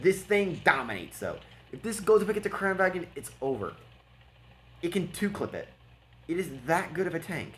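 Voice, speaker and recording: A man's voice: fairly low pitch, a bit bright, a little hiss or hum. A man giving casual, blunt commentary over a gameplay replay, mocking and laughing at his opponent. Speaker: gaming video creator.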